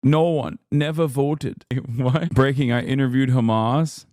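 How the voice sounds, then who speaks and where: A man's voice: medium pitch, measured pace, a little mellow, dry recording, clean studio sound. A man streaming live, reading viewer chat aloud with amused sarcasm and breaking into mock voices. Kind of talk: casual live-stream reaction.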